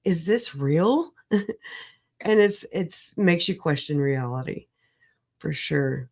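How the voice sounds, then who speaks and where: A woman on a livestream video call, recovering from an illness, talking in an animated, rambling way, laughing often and swearing. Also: deep voice, takes it slowly. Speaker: livestream guest. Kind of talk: casual livestream chat.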